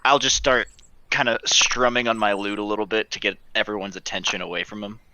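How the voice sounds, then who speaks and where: Relaxed man playing a bard. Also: on the low side, brisk, no room sound. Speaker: player. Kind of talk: tabletop role-play chat.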